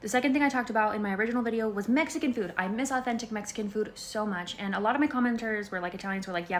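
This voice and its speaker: A young woman from Colorado rambles through a casual vlog at a middling pitch, leaning on "like" as she goes. She slips into playful impressions when quoting others. Faint background hiss sits under her voice. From Colorado, United States. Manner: chatty, heavy use of "like", acts out quoted people in higher voices. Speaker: vlogger. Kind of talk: casual talking-to-camera vlog.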